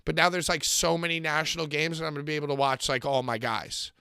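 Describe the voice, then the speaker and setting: A man co-hosting a casual podcast, joking loudly and swearing freely. His voice is bright and gravelly, with a fairly high pitch. The sound is dry and close. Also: fairly even intonation, fast talker, dry recording. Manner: loud, joking, profane banter. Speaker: podcast co-host. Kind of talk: casual chat.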